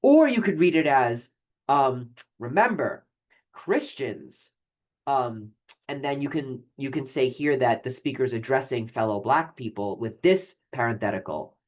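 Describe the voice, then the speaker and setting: A professor giving a recorded literature lecture, explaining with frequent fillers and restarts and reading poetry aloud slowly. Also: mid-range voice, lively intonation.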